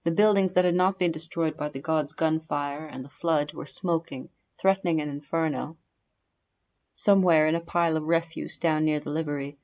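Low-voiced woman narrating a fantasy story. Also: muffled recording. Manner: measured storytelling delivery. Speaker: audiobook narrator. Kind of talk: scripted audiobook narration.

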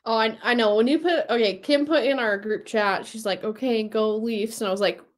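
A woman co-hosting a hockey podcast in casual chat, an animated storyteller who acts out quotes. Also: fairly high pitch, a little fast. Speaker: podcast co-host.

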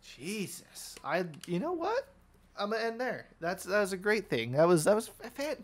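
A young man giving casual, excitable commentary over his own gameplay, swearing often and trash-talking opponents. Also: high-pitched, normal speed. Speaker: gaming YouTuber.

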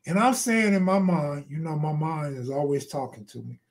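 Middle-aged man, live stream host, rambling profane anecdotes, slangy casual talk, fairly high voice. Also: expressive, normal speed. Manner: answers viewer comments mid-story. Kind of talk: casual freestyle storytelling.

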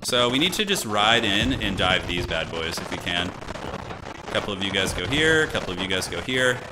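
A man's voice: low voice, sing-song, normal speed, noisy background. Chatty man narrating his strategy game. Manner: chatty, thinks aloud, frequent restarts. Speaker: streamer playing a strategy game. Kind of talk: casual gameplay commentary.

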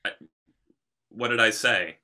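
A man's voice: lowish voice, slow pace, sharp tone, exaggerated voice. An actor playing a defensive young man who answers in blunt, clipped retorts in a short drama. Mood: awkward.

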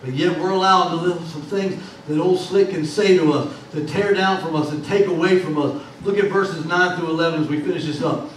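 High-voiced male preacher in echoey hall. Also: a little fast. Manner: folksy, repetitive preaching cadence. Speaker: pastor. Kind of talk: sermon. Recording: very echoey hall, distant mic, faint noise.

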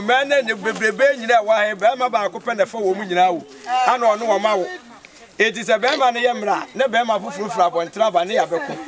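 A man's voice: sits high, fairly bright tone. A man hosting a vlog outdoors at a sanctuary, earnestly explaining spirits and tradition to his viewers. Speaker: vlog host. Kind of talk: explaining to camera.

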